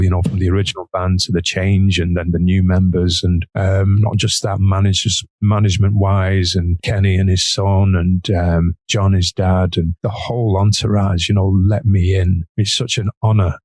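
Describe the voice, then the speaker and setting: A man's voice: deep voice, dry recording, clean studio sound. A man, a guest guitarist, telling stories in a casual interview, laughing often and acting out the voices of others. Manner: animated storyteller, laughs often, acts out quoted voices.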